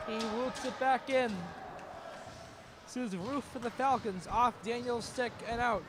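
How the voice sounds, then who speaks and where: A young man with a very high voice calls a hockey game play by play. He talks quickly and excitably and breaks into shouts on every scoring chance, over a loud, noisy rink. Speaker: play-by-play commentator. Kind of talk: live hockey play-by-play commentary.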